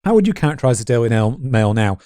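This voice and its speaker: A man's voice: mid-range voice, very animated, warm tone. A man from the north of England, co-hosting a history podcast and adding chatty asides and context. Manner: quick-talking, chatty, adds context and asides. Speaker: podcast co-host. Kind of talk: casual history podcast chat.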